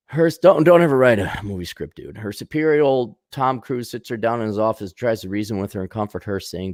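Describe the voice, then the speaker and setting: A man's voice: on the low side, fairly quick, few pauses, darkish tone, no echo, clean studio sound. A man giving ranting commentary in a blunt, sarcastic, mocking manner.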